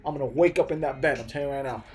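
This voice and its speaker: In a racing, medium-pitched voice over slight background noise, a young man chats casually with viewers on a live stream. He is from the Philippines, grew up in the US and has an American accent, and he restarts often while tossing in lots of "bro" and "man."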